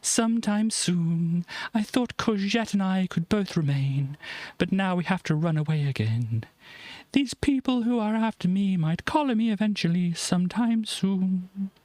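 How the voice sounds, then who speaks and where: A man's voice: sits high, sing-song, moderate pace, few pauses, no echo, voice pushed up. A man voicing an anxious fugitive male snake hero in a homemade comic parody, speaking and half-singing melodramatically.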